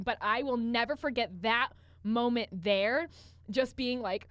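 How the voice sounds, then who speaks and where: A young woman co-hosting a coaching podcast, telling stories in an animated way and swearing freely. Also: a little high, measured pace, dry recording. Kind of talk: casual chat.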